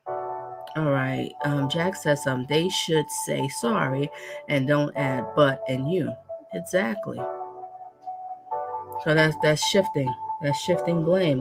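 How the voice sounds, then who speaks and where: A woman with a low voice hosts a casual livestream, speaking emphatically and circling back to repeat her points. She reads viewer comments aloud as she goes. Music plays clearly underneath her voice. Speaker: livestream host and coach.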